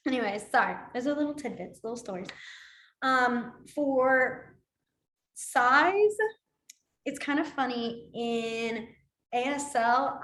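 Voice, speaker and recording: A woman's voice: on the high side, fairly bright tone, a little hiss or hum. A woman teaching a beginner sign language class, explaining signs in a chatty, rambling way with many fillers and side stories. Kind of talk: casual spoken class instruction. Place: library classroom. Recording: echoey room.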